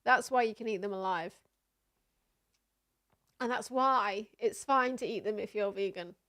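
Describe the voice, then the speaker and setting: A young woman streaming, chatting casually while reacting to videos, laughing often and letting out loud disgusted exclamations. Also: mid-range voice, measured pace.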